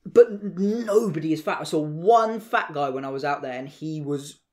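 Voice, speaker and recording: A man's voice: fairly high pitch, lively intonation, normal speed, darkish tone. An English man, a podcast co-host, chatting casually with friends, swearing freely and acting out exaggerated voices in his stories. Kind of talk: casual banter among friends.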